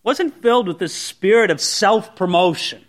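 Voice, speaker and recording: With a voice that sits high, lively intonation, and a moderate pace, a pastor preaches an expository sermon before his congregation at church. His manner is conversational, and he gives voice to imagined objections from the listeners.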